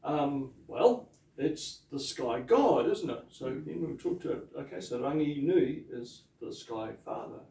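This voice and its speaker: A man, a pastor teaching te reo Māori in a chatty lesson, with laughing asides and slow repeated words to drill pronunciation. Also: medium pitch, animated, gravelly, dark tone, distant mic. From New Zealand. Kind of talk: informal language lesson. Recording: echoey room, voice off mic.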